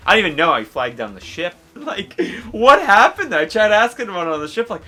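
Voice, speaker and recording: A man casually chatting as co-host, telling a lively travel story and acting out what people said. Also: high-pitched, a little fast, few pauses, faint music behind. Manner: animated storyteller, acts out quotes with laughter. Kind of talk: casual chat.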